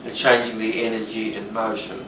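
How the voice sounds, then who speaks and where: A man giving a rambling, animated talk on rapport, now and then acting out the voices of people he quotes. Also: on the low side, normal speed. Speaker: teacher. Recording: roomy, distant, noisy.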